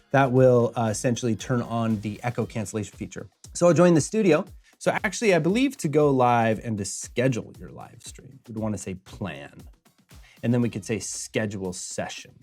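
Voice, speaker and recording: Upbeat man with a lively voice teaching. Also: on the low side, a little fast, soft background music. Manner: chatty, upbeat and joking. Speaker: host and podcasting instructor. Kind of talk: screen-share tutorial walkthrough. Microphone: podcast mic through a mixer.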